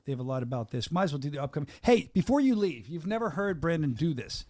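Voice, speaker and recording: A man's voice: fairly high pitch, big pitch swings, fast talker, darkish tone. A man hosting a casual podcast, hyped up and teasing his co-hosts. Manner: hyped, teasing, talks over others. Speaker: podcast host and venue announcer.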